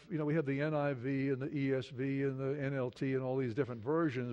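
A middle-aged male pastor preaching a sermon earnestly, moving between hushed prayerful passages and emphatic points. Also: mid-range voice, brisk, hardly any pauses, lo-fi sound.

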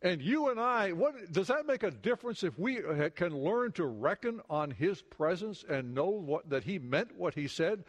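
A man preaching a sermon to his congregation. He asks them questions and often drops to a soft, intimate emphasis. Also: sits high, very animated, moderate pace, hardly any pauses. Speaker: pastor.

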